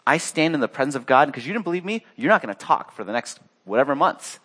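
A man preaching a sermon, reading scripture and telling stories in an animated way, acting out the voices he quotes. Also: fast. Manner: animated storytelling, acts out quotes with big pitch jumps. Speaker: pastor.

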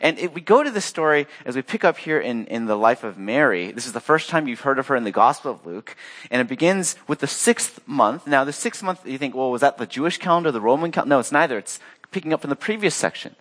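A man preaching a sermon, reading scripture and telling stories in an animated way, acting out the voices he quotes. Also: fast talker. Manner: animated storytelling, acts out quotes with big pitch jumps. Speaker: pastor.

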